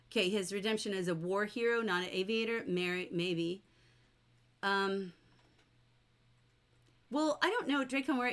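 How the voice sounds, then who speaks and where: A middle-aged woman leads a livestreamed book class from her desk. She talks in a chatty, animated way, answers viewer comments as they come in, and breaks into characters' lines now and then. Her voice sits at an ordinary middle pitch. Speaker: teacher leading a novel study. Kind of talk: livestreamed class, reading chat aloud.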